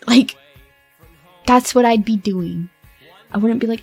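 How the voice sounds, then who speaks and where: A woman's voice: high-pitched, normal speed, long pauses, darkish tone, faint music behind. A young woman streaming and chatting casually, rambling, laughing often and swearing with dramatic outbursts. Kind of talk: casual livestream chat.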